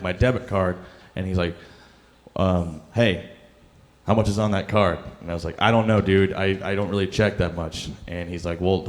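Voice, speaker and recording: A young man performing a stand-up comedy set, rambling and self-deprecating, with lots of fillers, on a club stage mic. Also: lowish voice. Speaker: stand-up comic.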